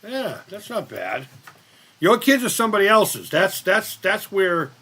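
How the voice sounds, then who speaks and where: A man's voice: high voice, sing-song, measured pace, bright, forceful tone, husky. A man in his fifties hosting a casual live-stream chat, rambling, blunt and profane as he reads the chat. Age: 50s.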